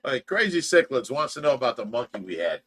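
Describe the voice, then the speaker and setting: A man's voice: medium pitch, very animated, quick pace, fairly bright tone. An older man co-hosting a casual livestream, teasing his son and laughing often. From United States. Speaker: livestream co-host.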